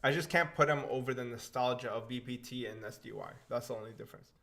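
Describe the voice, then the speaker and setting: A young man hosts a relaxed live question-and-answer stream, reading viewer questions aloud and answering off the cuff. His voice sits at an average pitch, and he talks in an easygoing, offhand way, often tossing in "man" at the end of a line. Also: fast talker, creaky. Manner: laid-back and offhand, often says "man". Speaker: livestream host.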